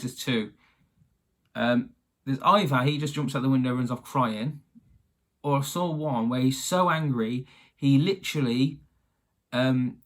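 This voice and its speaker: A man's voice: medium pitch, a bit bright. Man, casual storyteller, chatty and slangy with wry asides. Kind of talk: casual retelling of a fairy tale.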